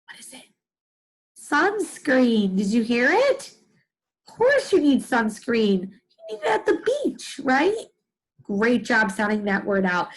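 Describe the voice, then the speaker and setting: A woman teacher giving a reading lesson to young children, sounding out words slowly in chunks and asking the listener questions. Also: fairly high pitch, breathy edge, rough recording. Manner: slow, sing-song, exaggerated sounding out of words; asks the listener questions and answers them.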